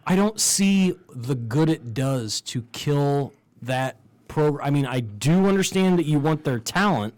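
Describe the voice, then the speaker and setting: A man co-hosting a wrestling podcast, talking casually and opinionated, quick to argue and swear. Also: fairly high pitch, animated, a little mellow. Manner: opinionated, argumentative, swears freely. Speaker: podcast co-host.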